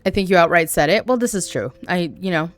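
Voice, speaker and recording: A woman's voice: fairly low pitch, fast talker, soft background music. A woman streaming a game live, chatting candidly and jokingly with her viewers as she plays. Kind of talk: casual chat while playing live.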